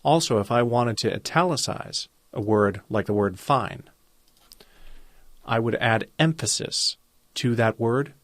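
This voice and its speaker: A man calmly and methodically teaches web design, walking step by step through a screen-recorded coding tutorial. His voice is medium in pitch at a moderate pace, with no room sound.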